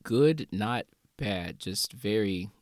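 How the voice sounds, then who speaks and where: A man in a casual film review chat, measured and analytical, often saying "you know". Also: lowish voice, lively intonation, dry recording, clean studio sound.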